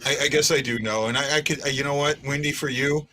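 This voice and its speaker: A man's voice: a little high, fairly even intonation, fast talker, pushed and bright. A man hosting a fan podcast in casual live-stream chat, rambling and repeating himself as he talks.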